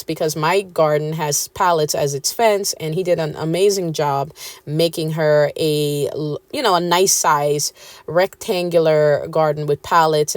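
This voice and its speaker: A woman's voice: low voice, dry recording. A woman with a Guyanese accent, chatting casually to camera about gardening, with many fillers and asides. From Suriname, raised Guyanese. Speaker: gardening vlogger.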